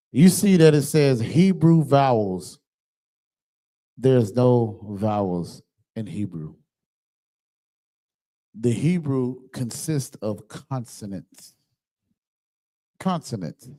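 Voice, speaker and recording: Over a computer microphone, a man with a mid-range, darkish voice teaches an online scripture class using screen sharing. His manner is emphatic, and he often checks that listeners are keeping up.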